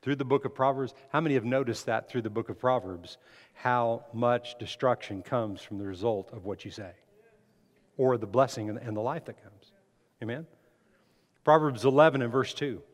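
A man's voice: medium pitch, moderate pace. A man preaching a sermon, asking the congregation questions and building emphasis as he speaks. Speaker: pastor. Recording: long hall reverb.

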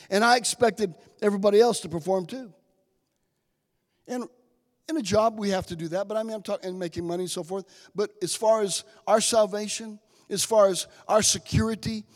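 Impassioned high-voiced preacher. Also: male voice, normal speed, in a large hall. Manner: impassioned, swells from soft to loud; addresses the congregation directly. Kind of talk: sermon.

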